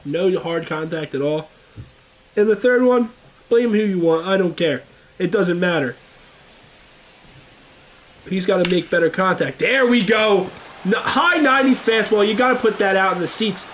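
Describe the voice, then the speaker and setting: A young man giving casual commentary over a baseball video game, getting loud and excited at big plays. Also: sits high, normal speed, long pauses, slight background noise. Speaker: gaming YouTuber.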